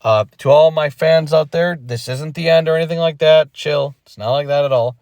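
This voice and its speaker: A young man talking through his retirement from rap in a casual vlog, animated and emphatic, repeating himself and acting out quick thoughts. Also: fairly high pitch, dry recording. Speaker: rapper explaining his retirement.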